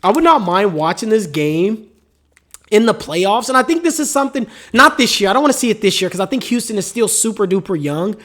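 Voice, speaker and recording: A man's voice: sits high, animated, quick pace, hardly any pauses, a bit bright. A man hosting a solo sports podcast, talking casually with strong opinions and a rambling, repetitive way of speaking, while he has the hiccups. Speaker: podcast host.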